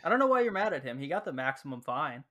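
Bright, slightly high-voiced teasing man. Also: very animated, quick pace. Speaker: podcast co-host. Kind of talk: casual sports podcast chat.

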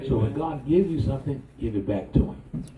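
A man's voice: mid-range voice, animated, brisk, narrow, tinny audio, music in the background. A middle-aged man preaching a sermon as pastor, folksy and humorous, inviting call and response. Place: church sanctuary. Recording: echoey church, distant mic, faint noise.

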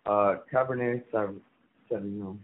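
A man's voice: on the low side, fairly even intonation, moderate pace. A man who is a podcast guest on a phone call, talking in a crude, teasing way and swearing a lot. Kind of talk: casual chat on a phone call. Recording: tinny phone line.

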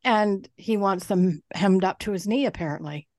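A woman's voice: medium pitch, normal speed, a little mellow, dry recording, clean studio sound. A woman co-hosting a podcast, telling a story in casual chat, swearing and mimicking the people in it. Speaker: podcast co-host.

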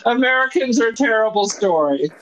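A woman co-hosting a podcast, talking through a movie in animated, indignant casual chat and acting out characters' lines. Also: fairly high pitch, moderate pace. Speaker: podcast co-host.

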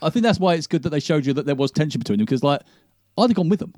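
A man's voice: fairly high pitch, big pitch swings, racing, a little mellow, no room sound, clean studio sound. A man chatting in a laid-back, slangy way, laughing often. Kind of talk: casual chat.

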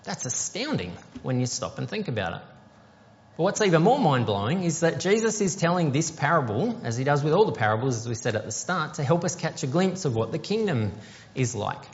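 In a sing-song, fairly high voice, a pastor briskly explains a parable in a conversational sermon, putting questions to the congregation. The recording sounds dull and carries a long hall reverb.

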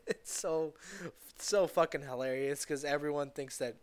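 Brief: man on the higher side, furious vlogger rant, stumbles and restarts constantly. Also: steady tone, normal speed. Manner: heated, repetitive, stumbling restarts, bitter laughs. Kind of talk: angry profane rant.

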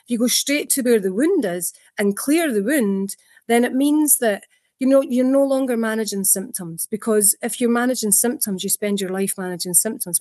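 A woman's voice: on the high side, normal speed, dry recording, studio quality. A woman therapist who explains at length in an interview, telling stories and acting out quotes. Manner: animated storytelling, acts out quotes, many restarts. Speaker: trauma therapist.

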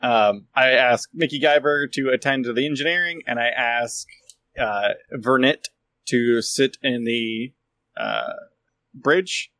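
A man's voice: medium pitch, slow, bright, forceful tone, dry recording. A man playing a tabletop game as a ship's captain, asking questions and thinking aloud. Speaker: player, ship captain. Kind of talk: casual tabletop game play.

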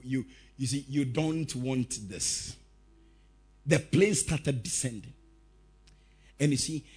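A male preacher giving a lively sermon, telling stories, shouting out quotes and laughing as he goes. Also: medium pitch, breathy edge.

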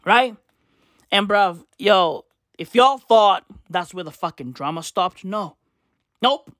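Animated South African man ranting. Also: high voice, slow, no room sound, clean studio sound. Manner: animated, exasperated, slangy, frequent laughter. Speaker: comedic commentator. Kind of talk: profane comedic rant.

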